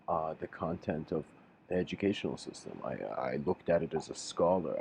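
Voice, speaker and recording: A man giving a livestreamed spiritual lecture, musing and halting, often restarting his sentences. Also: deep voice, a little mellow, a little hiss or hum, rough recording.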